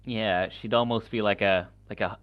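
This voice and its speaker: A man's voice: on the low side, fairly even intonation, normal speed, narrow, tinny audio. A man co-hosting a gaming podcast in casual chat, enthusiastic and blunt, with casual swearing. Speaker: podcast co-host.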